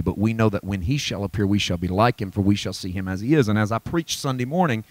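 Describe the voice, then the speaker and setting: A middle-aged man preaching a sermon in a church, swinging from shouted, high-pitched peaks to low, quiet reflection. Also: no echo. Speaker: pastor.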